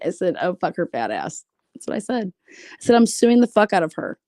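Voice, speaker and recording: A woman's voice: fairly low pitch, big pitch swings, fairly quick, warm tone, no room sound, studio quality. A woman streaming casually, reading private messages aloud with blunt, sarcastic, profane asides. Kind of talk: casual livestream commentary.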